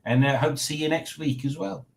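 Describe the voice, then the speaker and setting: This livestream host has a fairly high, brisk voice with vocal fry, and the audio is poor. He chats casually, reads out comments from viewers, and laughs frequently between remarks.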